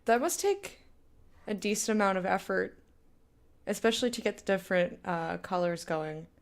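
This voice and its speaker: A woman's voice: mid-range voice, expressive, normal speed. A young woman chatting casually with her stream viewers while gaming, rambling, laughing often and going off on tangents. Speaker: game streamer.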